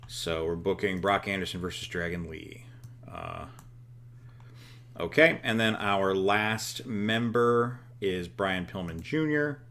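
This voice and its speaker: A man's voice: low voice, slow, a bit bright. A man co-hosting a casual game session, thinking aloud with fillers and jokes. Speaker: co-host. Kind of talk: casual chat while playing a booking game.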